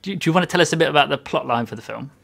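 A man rattles out his questions quickly, with a gravelly edge to his voice. He is chatty and a little hesitant, often starting a question over. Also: a little high, fairly bright tone. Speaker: film interviewer. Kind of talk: press junket interview.

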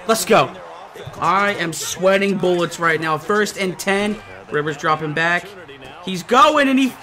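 A young man giving excited, animated commentary over his own football video game, shouting and laughing at the big plays. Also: sits high, normal speed, very noisy. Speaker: gaming YouTuber.

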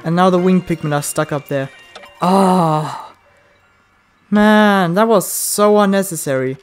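A let's play gamer commentating, swearing a lot, yelling at the game and then muttering to themself. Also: medium pitch, a little slow, faint music behind.

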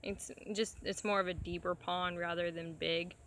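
Woman, casual outdoor phone vlog, bright tense voice, faint hiss behind, talks straight to her viewers. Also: lowish voice, level tone, normal speed, poor audio. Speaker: vlogger showing her property. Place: outdoors on rural property.

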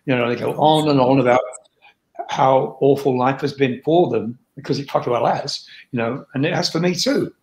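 A man's voice: mid-range voice, normal speed. An older man, a rock singer speaking as an interview guest in a candid, blunt chat, swearing freely. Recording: roomy echo.

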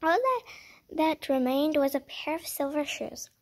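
High-voiced woman reading a storybook aloud; casual, stumbling and self-correcting, chatty asides. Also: expressive, unhurried, darkish tone. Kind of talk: casual picture-book read-aloud.

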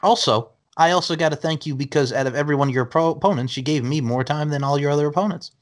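A man's voice: on the high side, fast talker. A man hosting a podcast, bantering and teasing his guest in casual chat. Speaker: podcast host.

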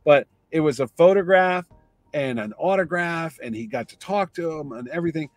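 Brief: male storyteller, fairly high voice, dry close sound, acts out the voices in his story. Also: normal speed, dry recording, faint music behind. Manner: animated anecdote teller, acts out voices in quotes. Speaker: comic convention organizer. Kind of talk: casual storytelling.

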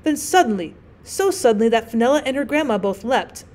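Lady teacher reading a classic story out loud, kinda high voice, calm and clear. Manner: clear, measured storytelling with gentle voices for characters. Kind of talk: audiobook narration.

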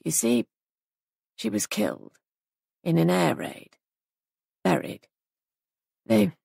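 A haunted young man who deserted the army, as a woman reading aloud puts him on. He speaks quietly and haltingly, in a gravelly, husky voice set a little lower. The sound is close and dry. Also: no echo, exaggerated voice.

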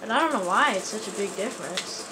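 A woman giving chatty, excitable let's play commentary at home, talking back at the enemies on screen. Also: medium pitch, fast talker, background noise. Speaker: gaming YouTuber.

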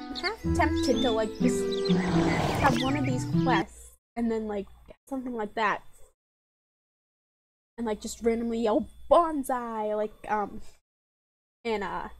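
A woman giving chatty, giggly gameplay commentary and reading quest text aloud. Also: sits high. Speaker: gamer playing an online dragon game. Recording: game music playing loudly under the voice. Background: loud game music.

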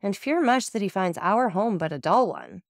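A woman's voice: medium pitch, very animated, moderate pace, dry recording, studio quality. A woman reading the lines of an affectionate, anxious young wife in an audiobook, earnest and pleading.

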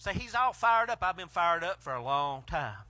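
Man, fiery preacher; high, ringing voice, bursts of shouting, then drops low. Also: big pitch swings, moderate pace, no room sound. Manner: swings between hushed and shouted exclamations. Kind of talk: fiery country sermon. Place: outdoor drive-in church service.

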